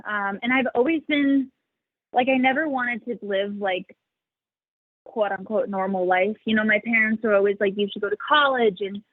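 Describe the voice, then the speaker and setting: A woman's voice: medium pitch, normal speed, no room sound. A young woman giving casual interview answers about her animal sanctuary, chatty, full of "like" fillers and frequent laughs. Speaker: sanctuary founder, interview guest. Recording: dry, phone-like narrow sound.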